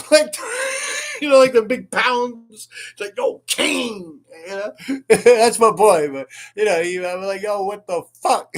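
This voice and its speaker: New york guy, gravelly voice, fairly high, swearing and laughing through a street story. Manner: animated, profane, laughs often. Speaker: graffiti writer telling stories. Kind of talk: casual storytelling.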